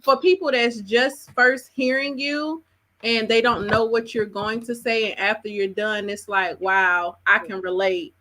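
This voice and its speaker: A woman's voice: fairly high pitch, fairly even intonation, unhurried, bright, forceful tone. A woman hosting a live open mic, talking casually and chattily and laughing between introductions. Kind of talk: casual live emcee talk.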